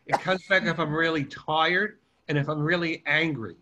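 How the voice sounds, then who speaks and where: An older man from Brooklyn with a softened Brooklyn accent, telling stories on a video call. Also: on the high side, steady tone, moderate pace. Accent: Brooklyn New York. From Brooklyn, New York. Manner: storytelling, rambling. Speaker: contest finalist.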